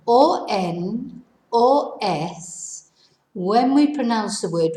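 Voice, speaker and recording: A middle-aged woman gives a relaxed spoken lesson, explaining each point step by step and poking fun at herself now and then. She talks slowly and without hurry. Her voice carries a roomy echo. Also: mid-range voice. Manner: chatty, self-deprecating, explains step by step. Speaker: Spanish teacher. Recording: echoey room.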